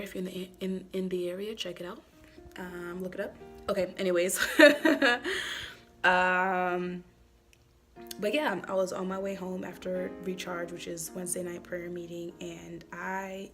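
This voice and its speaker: A church member shares a heartfelt personal testimony in an emotional vlog, speaking conversationally with many fillers and becoming tearful at times. Her voice is on the lower side and a bit bright.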